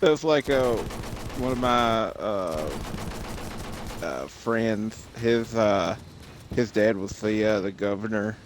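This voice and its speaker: A man in casual chat, speaking haltingly with many fillers. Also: lowish voice, background noise. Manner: halting, full of fillers and laughs.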